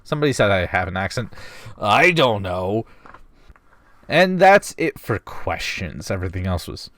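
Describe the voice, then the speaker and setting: Stuffy-nosed young man, lively delivery. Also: on the low side, normal speed. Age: 20s. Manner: wry and self-deprecating. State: stuffy nose. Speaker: vlogger. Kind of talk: casual Q&A vlog.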